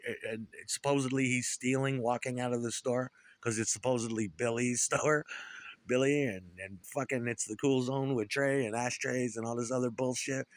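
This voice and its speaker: A man's voice: mid-range voice, no room sound. A middle-aged man from upstate New York, a former punk musician, talking alone in a profane, rambling, aggrieved rant full of restarts. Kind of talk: rambling solo monologue.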